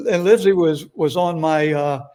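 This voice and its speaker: Slightly high-pitched older man telling stories. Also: a little slow, dark tone. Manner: rambling, frequent fillers, self-deprecating humor. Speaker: guest, former baseball manager. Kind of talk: casual storytelling interview.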